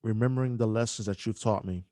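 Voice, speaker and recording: A young man hosting a podcast, speaking emotionally with halting restarts and apologies. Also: fairly low pitch, warm tone, no echo, studio quality. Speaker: podcast host. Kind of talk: emotional podcast dedication and interview.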